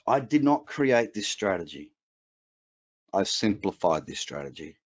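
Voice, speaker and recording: A man's voice: on the low side, sing-song, a little slow. A middle-aged man with an Australian accent carrying a trace of English, giving an emphatic, motivational webinar talk as a trading coach with chatty asides. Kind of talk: webinar presentation. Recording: muffled lo-fi webinar audio.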